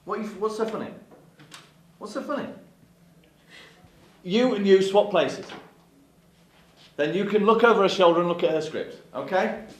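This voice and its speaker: A man's voice: sits high, normal speed, pauses often, slight background noise. A man directing a student film rehearsal, bossy and exasperated. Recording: echoey room from afar.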